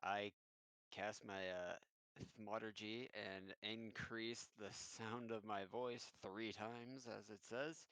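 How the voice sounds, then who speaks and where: A gravelly-voiced man sits in on a tabletop game, his voice close and dry. He speaks casually, tripping over restarts before getting his point out. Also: fairly low pitch, steady tone, takes it slowly, fairly bright tone, dry recording. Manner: stammering restarts, offhand. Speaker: player.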